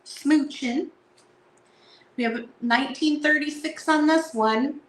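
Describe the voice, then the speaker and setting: A woman's voice: high-pitched, slow pace. A woman hosting a casual live sale, chatting and reading card verses aloud in a playful sing-song. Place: indoor room at home. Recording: echoey room.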